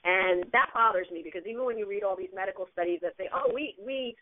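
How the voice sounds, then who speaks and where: A woman's voice: medium pitch, steady tone, quick pace, background noise. Woman co-hosting sports radio, phone-like sound. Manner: chatty and enthusiastic, frequent restarts. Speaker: radio show co-host. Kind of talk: casual sports radio chat. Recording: phone-like narrow band.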